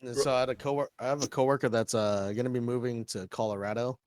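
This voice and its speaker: A young man hosting a podcast, excitable and rambling with lots of filler words. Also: mid-range voice, fast talker, slight background noise. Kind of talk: casual chat.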